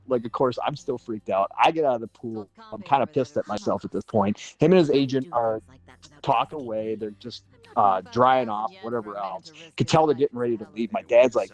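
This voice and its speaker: A man in his forties from Minnesota, with a voice of ordinary middle pitch, recounts a personal story in casual livestream chat. He swears freely and jumps into the voices of the people in his tale, keeping the telling lively. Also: fairly quick, dull audio. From Minnesota, USA. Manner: animated, swears casually, acts out other people's lines. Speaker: livestream panelist.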